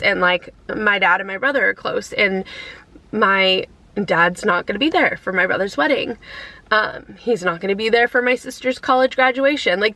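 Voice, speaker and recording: A woman in her thirties chatting casually to camera from her car, emotional and near tears, halting with many fillers. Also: medium pitch, bright, forceful tone, dry recording, poor audio. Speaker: vlogger. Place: inside a car.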